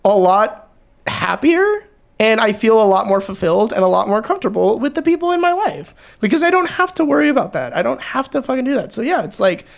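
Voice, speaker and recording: Gravelly, animated young woman podcaster. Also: on the high side, a little fast. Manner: swears freely, animated and emphatic. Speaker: podcast host. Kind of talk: casual chat.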